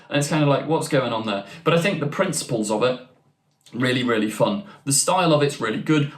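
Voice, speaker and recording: A young man hosting a casual ranking video. He talks in a chatty, enthusiastic way, with restarts and asides. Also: mid-range voice. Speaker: YouTube channel host. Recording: roomy echo.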